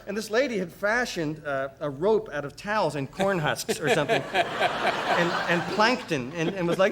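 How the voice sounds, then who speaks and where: A man from Canada, a talk-show guest, telling a comic story with lively acted-out voices. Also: moderate pace. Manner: animated, acts out voices with high shrieks. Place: TV studio with live audience. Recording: TV studio audio, crowd and noise. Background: audience laughter.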